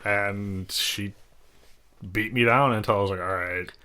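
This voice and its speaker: A man's voice: fairly low pitch, fairly even intonation, unhurried, pushed and bright. A male podcast guest, laid-back, laughing easily as he trades crude stories. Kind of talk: casual crude banter.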